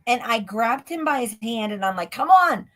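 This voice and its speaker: As a guest on a live stream, a woman tells a story in an interview in a breathless, run-on style full of "like". Her fairly high voice is expressive and moderately paced, heard through a stream call mic.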